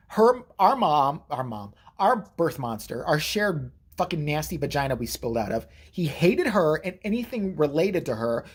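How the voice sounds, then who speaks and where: A man telling a story in a casual vlog, profane and animated, jumping into the voices of the people he quotes. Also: a little high, breathy edge.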